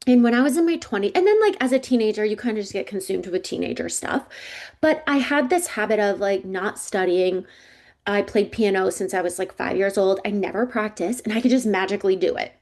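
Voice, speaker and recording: A woman in her forties telling her life story as a psychic coach in an interview, casual and chatty, slipping into lively voices when quoting others. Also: mid-range voice, fairly quick. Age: 40s.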